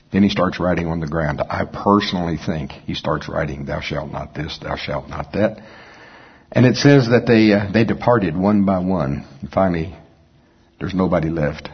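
A man delivers a sermon in a low, husky voice. His preaching is folksy and conversational, full of quick asides to the congregation. The recording is dull and lo-fi. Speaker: pastor.

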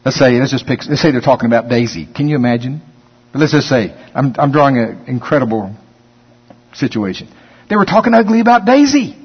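A man pastor preaching a sermon in a church, reading scripture slowly and then commenting on it in a folksy, conversational way. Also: mid-range voice, breathy edge. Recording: long hall reverb, dull lo-fi sound.

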